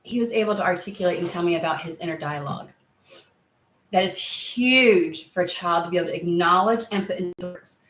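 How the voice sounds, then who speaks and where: Chatty woman with a bright, echoey voice. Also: fairly low pitch, a little fast, a little hiss or hum. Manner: rambling, chatty, many fillers and restarts. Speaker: tarot reader and channel host. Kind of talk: casual chat to camera.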